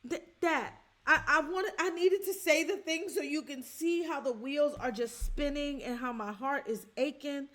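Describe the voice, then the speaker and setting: A woman from the Bronx in her forties, hosting a reaction show and talking to her listeners in a heartfelt, halting way. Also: high voice, a bit bright. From the Bronx, New York. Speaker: podcast host. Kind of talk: emotional reaction chat.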